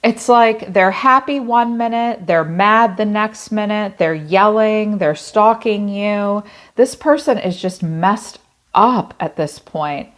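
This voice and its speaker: A woman with a mid-range voice gives a tarot reading slowly, in a blunt, casual way. She swears freely and thinks aloud conversationally, using lots of "like" fillers.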